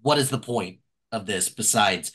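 A man's voice: fairly low pitch, unhurried, fairly bright tone, slightly rough. A man co-hosting a podcast, giving wry, sarcastic remarks in casual chat. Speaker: podcast co-host.

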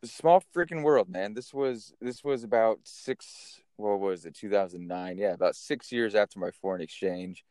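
Man, podcast host, low smooth voice, dry close sound, animated casual storytelling. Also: normal speed, few pauses, no echo. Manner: animated, chatty storyteller who swears casually.

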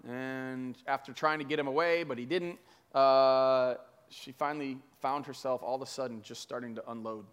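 A man's voice: mid-range voice, fairly even intonation, moderate pace, clear, resonant tone. A man preaching as a pastor, telling a story conversationally with many fillers. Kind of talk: sermon storytelling. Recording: long hall reverb.

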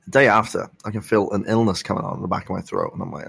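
A young man with a sore throat, speaking softly while telling a rambling, wry story in a casual podcast chat. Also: sits low, fairly even intonation, racing, creaky, slightly rough, dry recording. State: sore throat, soft-spoken. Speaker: podcast co-host.

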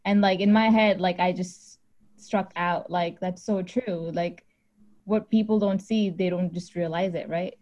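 A woman's voice: lowish voice, steady tone, measured pace, dull audio. A woman in casual conversation, rambling and cutting herself off mid-sentence. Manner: rambling, self-interrupting. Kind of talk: casual chat.

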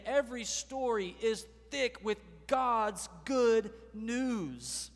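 A man preaching a sermon as pastor, swelling into dramatic, loud passages and acting out voices from the stories. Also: very high voice, animated, slow, hardly any pauses, big-room sound.

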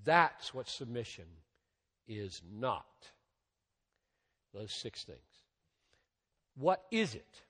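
A man preaching a sermon as a pastor, with emphatic rises and drops in loudness and a slow, deliberate delivery. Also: medium pitch, big pitch swings. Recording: long reverb of a large hall.

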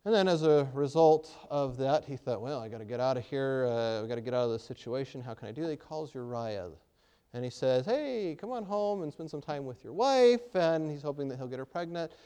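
Preacher man with a smooth voice. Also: medium pitch, brisk. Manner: dramatic retelling with sudden loud emphatic peaks; hesitant restarts and fillers. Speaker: pastor. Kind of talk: sermon.

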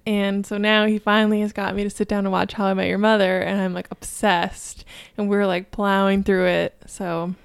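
A young American woman co-hosting a podcast in a relaxed, conversational way with quick asides. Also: medium pitch, gravelly, clear, resonant tone, no echo, studio quality. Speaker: podcast co-host. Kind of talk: casual chat.

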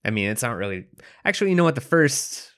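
A man co-hosting a podcast in casual chat, easygoing and quick to laugh. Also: medium pitch, big pitch swings, a bit bright. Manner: easygoing, laughs often, reads out quotes. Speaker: podcast co-host.

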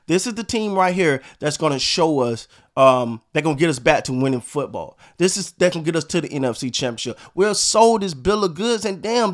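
A man hosting a sports podcast, ranting in a frustrated, profane, repetitive way. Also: a little high. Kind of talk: casual sports rant.

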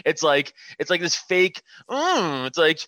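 A man's voice: on the high side, big pitch swings, measured pace, pushed and bright, no echo. A man co-hosting a podcast in casual chat, rambling, laughing often and swearing freely. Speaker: podcast co-host.

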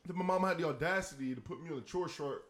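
A man co-hosting a podcast, telling a profane story with animated energy. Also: on the high side, fast, a crowd in the background. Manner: animated, profane storyteller who acts out the scenes. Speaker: podcast co-host. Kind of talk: casual chat, telling a funny story.

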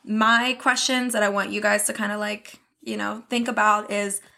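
A woman's voice: mid-range voice, flat delivery, moderate pace, vocal fry, sharp tone. A young woman co-hosting a podcast in casual chat, chatty and often laughing. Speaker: podcast co-host.

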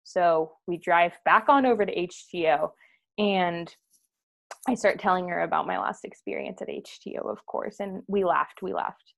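A young woman co-hosting a podcast speaks in a creaky, lowish voice at a moderate pace. She tells a story casually and giggles often, laughing her way through it.

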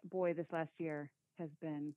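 A woman's voice: low voice, level tone, measured pace, no room sound. A woman in her forties, a podcast guest, chatting reflectively about her children. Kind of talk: casual chat. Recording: tinny phone-like line.

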